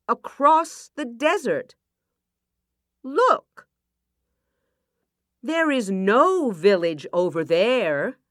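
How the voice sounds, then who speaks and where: A woman's voice: on the high side, fairly bright tone, no echo, clean studio sound, pitched above the performer's own voice, exaggerated voice. A woman voicing a brave village woman who firmly and emphatically refuses to give up the trees.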